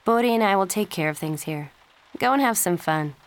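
A woman's voice: mid-range voice, animated, fairly quick, lightly acted. A woman reading the lines of a kind, encouraging older sister in a storybook.

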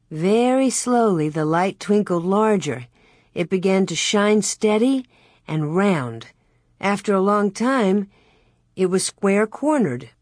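A woman narrating a children's novel as an audiobook in a steady, unhurried way. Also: medium pitch, no echo, studio quality.

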